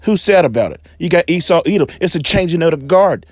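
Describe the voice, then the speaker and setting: A man's voice: fairly high pitch, quick pace, husky, dry recording. A man preaching a fired-up sermon on his channel, emphatic and repetitive, with sudden profane outbursts. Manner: excited, emphatic, repeats himself.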